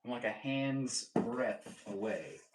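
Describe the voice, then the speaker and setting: A man's voice: medium pitch, lively intonation, takes it slowly, a little hiss or hum, low-quality recording. A young man live-streaming, casually joking and teasing as he reads and answers his chat.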